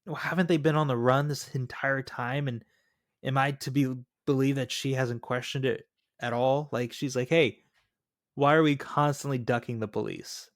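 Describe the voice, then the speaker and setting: A man's voice: mid-range voice, fairly even intonation, normal speed, no echo, studio quality. A man co-hosting a casual podcast who questions and picks apart plot holes. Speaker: podcast co-host. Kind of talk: casual chat.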